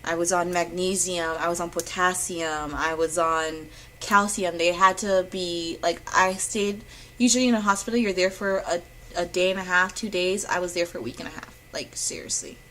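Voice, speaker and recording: A young woman telling her personal story in a candid, animated way, swinging from loud bursts to hushed moments. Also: lowish voice, normal speed, a little hiss or hum, rough recording. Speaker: vlogger.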